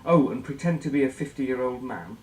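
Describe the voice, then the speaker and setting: A man presenting a scripted lesson, measured and explanatory, asking guiding questions. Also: mid-range voice, expressive, a little mellow, reverberant, slight background noise, poor audio. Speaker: instructor.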